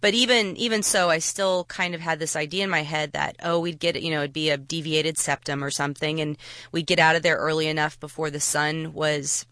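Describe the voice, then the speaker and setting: A woman telling a personal story to an audience, halting, with frequent restarts. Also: low voice, fairly even intonation, a bit bright, no room sound.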